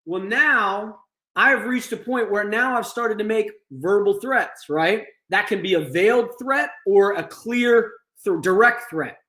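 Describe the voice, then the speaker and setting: High-voiced male trainer in an echoey room. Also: a little slow, bright, forceful tone. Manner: explanatory, acts out examples. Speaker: de-escalation trainer, host. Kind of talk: instructional talk.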